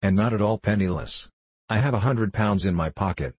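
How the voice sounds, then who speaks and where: A man with a husky voice reading a cheerful, easygoing young male painter in a light, teasing manner. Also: fairly low pitch, brisk, a little mellow, dry recording.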